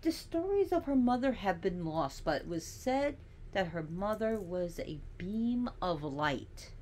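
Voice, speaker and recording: A woman's voice: mid-range voice, big pitch swings, a little slow, a little mellow, a little hiss or hum. A woman giving a casual teaching monologue, chatty and digressive, with sassy asides.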